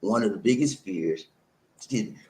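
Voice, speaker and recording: A man originally from abroad, now in the Philippines, addresses viewers casually with advice to camera. His voice sits on the low side, animated yet mellow, at a moderate pace, and the recording is rough. He's emphatic, repeats words, and often asks "okay?" or "huh?"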